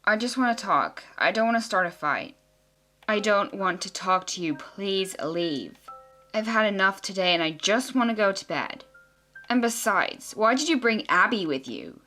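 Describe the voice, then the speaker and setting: A woman's voice: mid-range voice, lively intonation, normal speed, sharp tone, soft background music. A woman voicing several teenage girls in an amateur drama, talking in an emotional, earnest and sulky way. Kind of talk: amateur teen drama acting.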